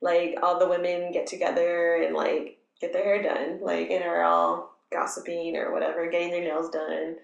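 A woman co-hosting a casual show recap, talking in a relaxed way with many fillers. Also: on the low side, moderate pace, creaky, few pauses, echoey room, dull audio. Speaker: podcast co-host.

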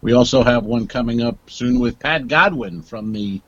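A man's voice: medium pitch, moderate pace, fairly bright tone, breathy edge, dry recording, highs cut off. A man co-hosting a comedy podcast, teasing and rambling in casual chat. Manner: teasing, rambling, mock-offended. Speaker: podcast co-host.

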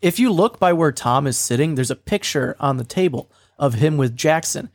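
A man's voice: fairly high pitch, expressive, moderate pace, no room sound, clean studio sound. Eager man sharing a theory. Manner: eager, laughing, shares theories. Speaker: podcast co-host. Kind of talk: casual chat.

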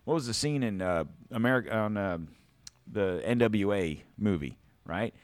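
Profane, animated man with a very low voice. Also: moderate pace, dry recording. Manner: profane, animated, swings from loud to low mutters. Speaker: podcast host. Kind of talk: casual ranting monologue.

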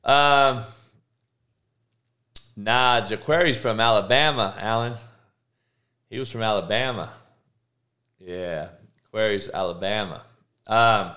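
A man's voice: a little slow, long pauses. Profane, rambling man hosting a podcast. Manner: profane, rambling, animated swings in pitch. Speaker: podcast host; coach. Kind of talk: casual solo podcast rant.

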